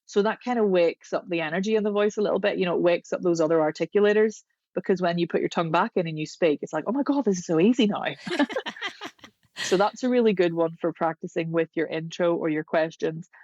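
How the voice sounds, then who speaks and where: A woman's voice: on the low side, a little mellow, dry recording. Chatty woman voice coach, dull dry sound. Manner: chatty, demonstrative, often slows to explain. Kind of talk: podcast interview, guest explaining.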